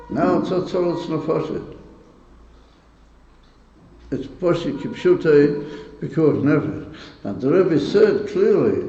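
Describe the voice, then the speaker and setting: A man's voice: a little high, dark tone. A man, a rabbi leading a Hasidic gathering, teaching in an earnest, emotional way, quizzing his listeners and chuckling between points. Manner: stirred and emotional about the topic. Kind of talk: informal teaching talk to a gathering. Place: synagogue hall. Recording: echoey hall, dull lo-fi sound.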